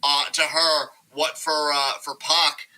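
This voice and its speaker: Bright-voiced man in casual wrestling chat. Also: a little high, slow, poor audio. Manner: rambling, animated, frequent swearing. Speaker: podcast co-host.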